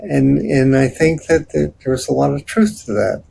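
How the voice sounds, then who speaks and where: An older man telling his personal story as an interview guest, halting with many restarts and fillers. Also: mid-range voice, steady tone, vocal fry, warm tone, husky.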